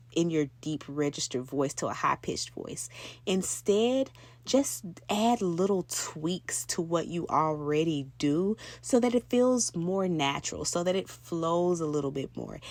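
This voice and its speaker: A woman's voice: lowish voice, no echo. A young woman giving voice tips to other women in a chatty way, often asking "right, ladies?". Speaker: voice coach. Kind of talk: talking-head tips video.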